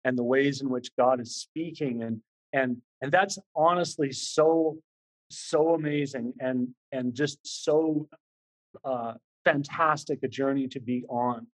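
A man's voice: medium pitch, takes it slowly, poor audio. Earnest man preaching conversationally. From Canada. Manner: earnest, repetitive, many restarts and fillers. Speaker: visiting preacher. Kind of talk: conversational sermon.

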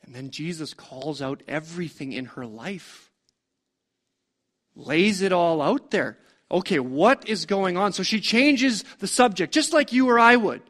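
A man with a fairly high voice preaching a storytelling sermon. He sounds conversational and keeps posing rhetorical questions to his listeners. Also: expressive, a little slow, fairly bright tone.

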